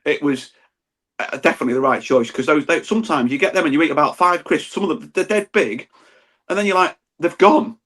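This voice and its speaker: A man's voice: on the high side, fast talker, a bit bright. A man co-hosting a football podcast, chatty and rambling, self-deprecating. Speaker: podcast co-host. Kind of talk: casual football podcast chat.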